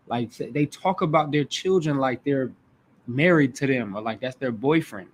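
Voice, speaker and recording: A man's voice: mid-range voice, animated, normal speed. A man leading a Bible class, preaching in a blunt, emphatic way with crude language.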